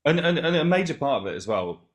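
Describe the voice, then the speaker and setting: A man's voice: on the high side, very animated, quick pace. An English man with an English accent, a musician guest chatting casually and rambling with self-corrections and casual swearing. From England. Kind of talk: casual interview chat.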